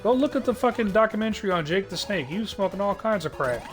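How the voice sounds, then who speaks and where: A man's voice: high voice, expressive, quick pace, faint music behind. A man streaming live, ranting to his chat in a rambling, sardonic way, swearing constantly and restarting his sentences. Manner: rambling, heavy cursing, sardonic.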